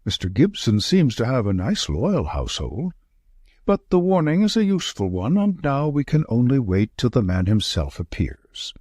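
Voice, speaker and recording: Male reader as confident detective, brisk and probing, husky tone. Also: medium pitch, no echo, studio quality. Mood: dry. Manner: brisk, probing, lively questioning. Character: sharp, confident male detective, middle-aged.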